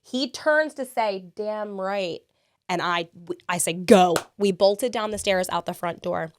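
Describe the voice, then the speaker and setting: A woman's voice: mid-range voice, lively intonation, moderate pace, a little hiss or hum. A woman in her thirties, a podcast guest, telling her story step by step and acting out what people said. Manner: vivid step-by-step recounting, acting out quotes. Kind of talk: interview storytelling.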